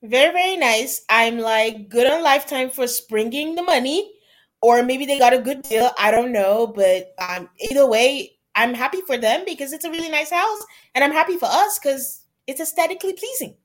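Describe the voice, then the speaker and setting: A woman with a high-pitched voice, speaking at normal speed, co-hosts a podcast and recaps a reality show in a chatty, animated way. She quotes the cast in playful put-on voices.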